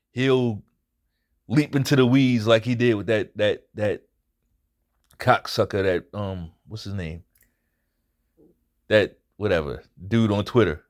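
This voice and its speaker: With a lowish voice, the host of a boxing commentary channel delivers a laid-back recap of a fight. He doesn't mince words, curses frequently, and says things more than once for emphasis.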